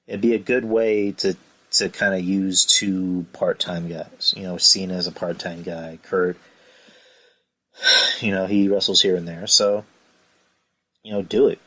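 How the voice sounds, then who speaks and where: A man's voice: low voice, steady tone, measured pace, long pauses, sharp tone. A man hosting a casual podcast, rambling and filling his talk with "you know" and sighs. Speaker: podcast host. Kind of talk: casual chat.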